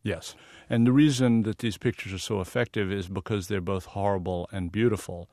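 A man's voice: lowish voice, fairly even intonation, a little fast, a little mellow, dry recording, studio quality. A man from the American South, a guest photographer answering earnest, explanatory interview questions. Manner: earnest and explanatory, sometimes laughing. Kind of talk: radio interview.

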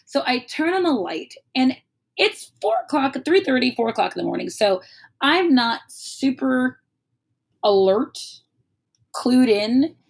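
A woman's voice: high-pitched, big pitch swings, measured pace, creaky, breathy edge. Woman telling a candid, wry story. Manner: candid, wry and profane, acting out the voices of people in the story. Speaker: guest telling a personal story. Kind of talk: casual spoken storytelling.

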